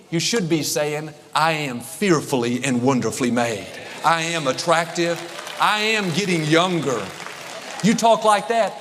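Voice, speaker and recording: Upbeat preaching man in a big hall. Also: a little high. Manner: upbeat, emphatic, drawls affirmations slowly. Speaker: pastor. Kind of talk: sermon. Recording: long hall reverb, faint noise.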